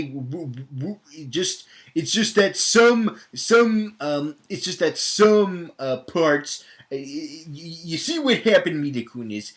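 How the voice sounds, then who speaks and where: A man's voice: a little high, lively intonation, slow, few pauses. A man giving a casual comedic movie recap, rambling, with many fillers and stammered restarts. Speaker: film recap host.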